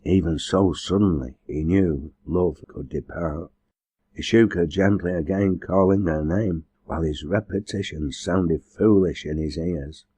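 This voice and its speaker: A man reading a novel aloud as an audiobook narrator, in a measured, earnest way. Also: low voice, dark tone, husky, dry recording. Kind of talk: scripted narration.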